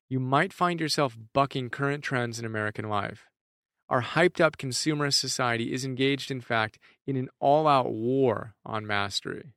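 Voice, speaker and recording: A man's voice: medium pitch, a bit bright, no echo, clean studio sound. A man in earnest, reflective scripted narration of a lesson, often putting questions to the listener. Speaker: teacher presenting book ideas.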